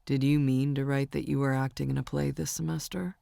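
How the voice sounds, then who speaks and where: A woman narrating an audiobook who voices a young male country singer, soft-spoken and teasing. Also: a bass voice, level tone, a little fast, creaky, no room sound, studio quality, pitched below the performer's own voice, full character voice.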